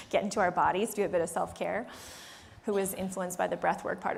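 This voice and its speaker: With animated delivery, vocal fry and a mid-range voice at normal speed, a woman in her thirties addresses a live workshop audience in a conference room, with some slight background noise. Her story is chatty, she voices the dialogue herself, laughs often and talks straight to the listeners.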